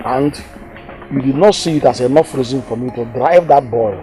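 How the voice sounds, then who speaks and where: A man's voice: medium pitch, normal speed, music in the background, close to an everyday voice. An actor playing an exasperated father complaining about his lazy son, with a Nigerian accent. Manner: complaining, mocking.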